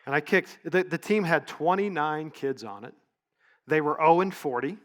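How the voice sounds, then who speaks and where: Higher-voiced middle-aged man telling stories. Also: animated, normal speed, fairly bright tone. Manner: conversational, story-driven, with small self-corrections. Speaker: leadership conference speaker. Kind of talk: storytelling keynote talk. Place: event stage.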